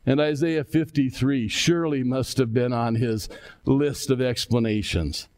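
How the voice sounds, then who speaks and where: A man's voice: fairly high pitch, moderate pace, darkish tone. An older man, a pastor, preaching a reflective sermon and at times voicing the words he imagines from scripture. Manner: reflective, imagines the speech of the scripture figures aloud.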